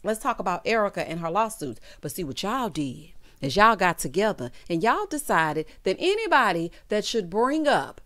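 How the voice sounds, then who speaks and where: A woman delivers a reality TV recap in a sassy, emphatic way, calling her viewers honey and child. Her pitch swings widely from line to line, and she breaks into loud exclamations as she talks. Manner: bursts into loud laughter and exclamations. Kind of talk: casual recap and commentary.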